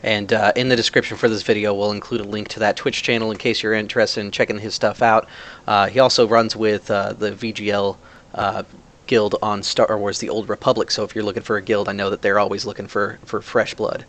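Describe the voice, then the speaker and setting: Low-voiced man hosting a game. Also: a little fast. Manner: relaxed, chatty, with many fillers. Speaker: game master and channel host. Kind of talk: casual introductions.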